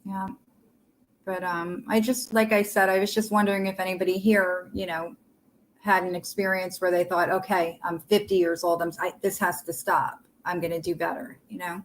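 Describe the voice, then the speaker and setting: A woman's voice: lowish voice, little pitch movement, moderate pace, a little hiss or hum, rough recording. A woman co-hosting a casual livestream chat, telling personal stories with hesitant restarts. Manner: chatty storyteller, hesitant restarts. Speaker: co-host of a livestream chat show.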